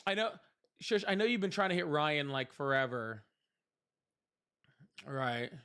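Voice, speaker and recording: A man's voice: fairly high pitch, expressive, unhurried, bright, forceful tone, clean tone. A young man hosting a casual livestream, chatting with viewers, thanking them and laughing often. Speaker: livestream host.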